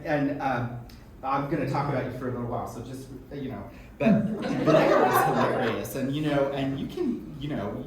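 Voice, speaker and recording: A man hosting a live event, introducing people from the stage in an effusive, chatty way and laughing often. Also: medium pitch. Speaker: event host. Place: small event hall in a music school. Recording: echoey room from far off, noisy.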